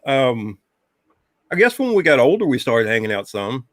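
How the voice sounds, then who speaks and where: A man of middle pitch spins a rambling ghost story, stopping often for "um" and "you know". The sound is close and dry, with no room around it. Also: big pitch swings, normal speed, a bit bright, dry recording. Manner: rambling, drawling, many fillers. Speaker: guest telling a ghost story. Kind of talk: casual storytelling.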